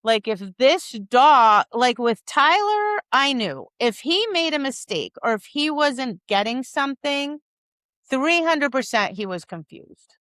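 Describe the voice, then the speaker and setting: Bright, crisp-voiced woman co-host. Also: high voice, measured pace, no room sound, studio quality. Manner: animated, acts out quoted lines; frequent "right?" and "like". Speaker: dog trainer and podcast co-host. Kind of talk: casual chat.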